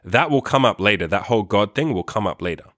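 A man's voice: on the low side, expressive, fast, a bit bright, no room sound, clean studio sound. A young man telling a long personal story in a casual, rambling way, swearing often and saying "like" constantly, into a microphone. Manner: rambling, profane, heavy use of "like".

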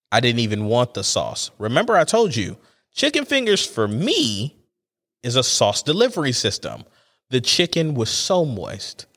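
Animated ranting male podcast host. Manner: animated, exasperated ranting with big pitch swings. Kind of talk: casual solo podcast monologue.

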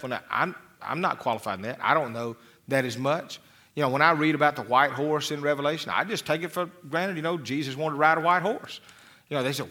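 A man's voice: fairly high pitch, pushed and bright. A man preaching a sermon as a pastor, folksy and rambling, with frequent restarts and repeated words. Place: church.

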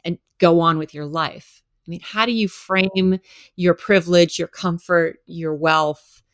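Low-voiced woman interview host. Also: steady tone, unhurried, no room sound.

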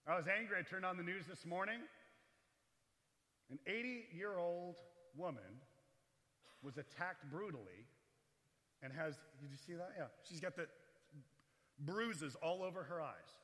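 A man preaching a sermon as pastor in a chapel, animated, swinging between loud and hushed delivery. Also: high voice, unhurried, pauses often, big-room sound. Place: large echoey chapel.

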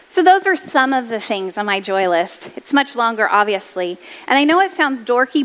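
A woman's voice: fairly high pitch, a bit bright, long reverb tail. A woman around forty giving an upbeat motivational talk to mothers, chatty and self-deprecating, laughing easily. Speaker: speaker addressing mothers.

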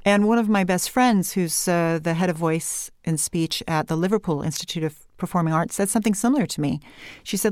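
A woman voice and speech coach with a Californian accent, explaining her work in an animated interview conversation. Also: lowish voice, a little fast, no room sound, studio quality. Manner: animated explanatory talk with light vocal fry and uptalk.

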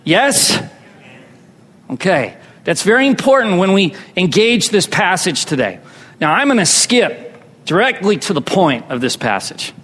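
A man's voice: high voice, sing-song, a little slow, a bit bright. A man preaching a sermon as pastor, drawing his congregation into call-and-response. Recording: long reverb hall.

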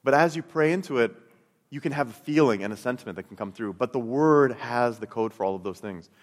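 In a hall with long reverb, a middle-aged man of Christian faith tells his testimony and teaches in an earnest, story-driven way, frequently repeating words. He speaks fairly quickly, with medium pitch and lively intonation.

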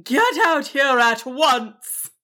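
Storybook she-dragon, high, slow and loud, read by a woman narrator. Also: big pitch swings, exaggerated voice. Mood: commanding. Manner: slow, loud, commanding calls. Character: bold female dragon, strong and protective.

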